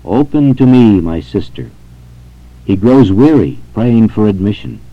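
Low-voiced man reading a solemn meditation. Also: expressive, no room sound. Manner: measured and earnest, slowing on scripture quotes. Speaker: reader of a devotional meditation. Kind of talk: solemn scripted devotional reading. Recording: dull lo-fi recording.

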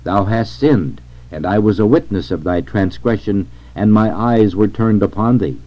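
A man voicing God as a stern, all-seeing figure calling out a sinner, in a loud, commanding way. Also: lowish voice, normal speed, close to an everyday voice. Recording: dull lo-fi recording.

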